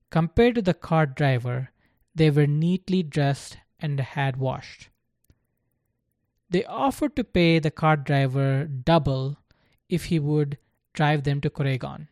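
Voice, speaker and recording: A narrator reading a story aloud in a slow, deliberate scripted style. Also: mid-range voice, darkish tone, no room sound, clean studio sound.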